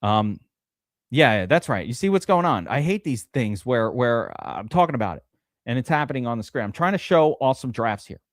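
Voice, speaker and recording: Excitable, swearing male draft streamer. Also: mid-range voice, brisk, no echo, clean studio sound. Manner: excitable, profane, rambling. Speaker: streamer host. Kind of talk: live-stream draft commentary.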